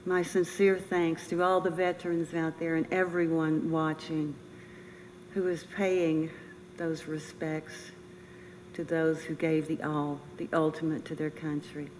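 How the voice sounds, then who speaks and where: Older woman, earnest halting memorial speech. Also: sits low, little pitch movement, darkish tone. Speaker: bereaved military mother giving a memorial speech. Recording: reverberant room with faint noise.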